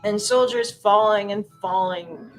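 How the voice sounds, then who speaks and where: Woman commentator, mid-pitched, loose rambling delivery full of "like", faint music under her. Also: measured pace. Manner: rambling, guessing aloud, many likes. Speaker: video commentator. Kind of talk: casual reaction commentary.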